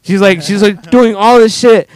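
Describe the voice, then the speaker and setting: A man's voice: high voice, moderate pace, clear, resonant tone, no echo. A man in a casual podcast chat, telling a long, rambling, profane story full of fillers. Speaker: guest storyteller.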